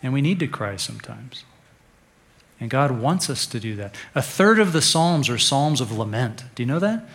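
A male pastor preaching an Easter sermon in a conversational way, dropping to a hush and then rising to stress a point. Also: medium pitch, big pitch swings, normal speed, gravelly. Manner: conversational preaching, swings from hushed to emphatic.

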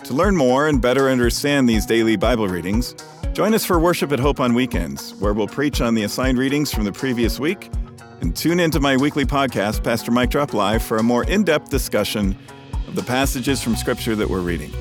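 A male pastor speaks directly to his listeners in a friendly way between Bible readings. His voice sits at a middle pitch. Soft music plays faintly underneath. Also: expressive, brisk. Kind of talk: podcast segment link.

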